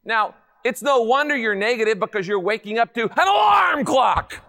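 A male pastor preaching a sermon in a lively, humorous manner, full of rhetorical questions to the congregation. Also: extremely high pitch, normal speed, gravelly, shouting. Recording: long hall reverb.

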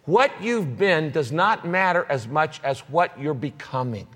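A male pastor delivering a sermon with a fairly high voice for a man. He is emphatic and repeats key phrases, dropping soft and then rising again. The live recording carries a long reverb from the hall. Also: lively intonation, unhurried.

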